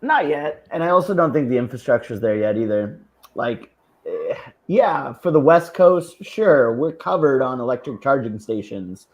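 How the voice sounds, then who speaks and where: A man co-hosting a podcast in casual chat, blunt and profane, quick to laugh. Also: medium pitch, very animated. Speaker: podcast co-host.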